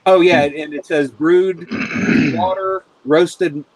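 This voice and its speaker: A man with a somewhat high voice who chats casually while tasting a beer. He weighs his words in a relaxed, thoughtful way. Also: slow pace, no room sound, rough recording.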